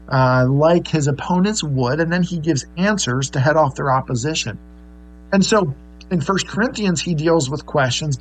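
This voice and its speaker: A man's voice: a little high, poor audio. A man preaching a sermon, earnest and explaining, with many fillers and restarts. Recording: faint mains hum.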